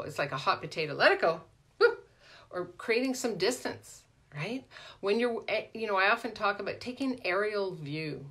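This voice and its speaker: Woman, middle-aged, life coach, casual live-stream talk, animated, lower-pitched. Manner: animated, peppered with "right?", greets viewers by name.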